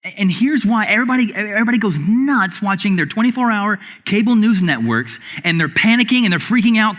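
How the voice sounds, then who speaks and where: Male pastor in a church, animated sermon delivery with lively pitch swings and direct questions to the room. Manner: animated preaching with rhetorical questions. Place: church sanctuary.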